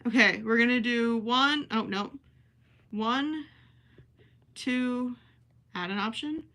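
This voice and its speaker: A woman's voice: on the high side, slow pace, a bit bright. A woman with a Minnesotan accent hosting a casual livestream from home, chatting with viewers, reading their comments and often apologizing with a self-deprecating tone. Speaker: livestream host. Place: home, indoors.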